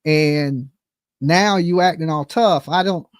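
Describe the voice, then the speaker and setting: A man's voice: a little high, slow, smooth, no echo, studio quality. A man hosting a live commentary stream, ranting bluntly and profanely at the people he talks about. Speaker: livestream commentary host.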